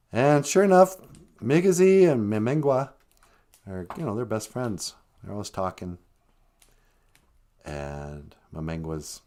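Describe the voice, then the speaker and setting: A man's voice: fairly low pitch, darkish tone. A man casually telling a comic animal story, chatty and full of asides. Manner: chatty, lots of asides and chuckles.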